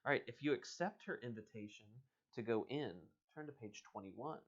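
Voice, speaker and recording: A man's voice: medium pitch, normal speed, highs cut off. A man hosting a livestream, reading an interactive adventure book aloud in a casual, playful way. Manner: casual, chuckling, playful asides. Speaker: host and reader.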